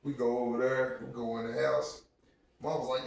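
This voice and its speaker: Relaxed man recorded far off in an echoey room. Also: a little high, normal speed, creaky, long pauses. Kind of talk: casual chat, storytelling. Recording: echoey room, distant mic, faint noise.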